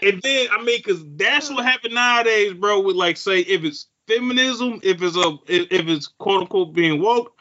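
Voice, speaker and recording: A man co-hosting a podcast in casual chat, profane and opinionated, with quick asides. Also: high-pitched, pushed and bright. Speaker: podcast co-host. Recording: muffled lo-fi podcast audio.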